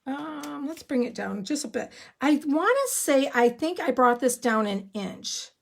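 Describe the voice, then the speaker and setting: A woman giving a live card-making tutorial, chatty and excitable, rambling a little as she works. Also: high voice, unhurried, vocal fry.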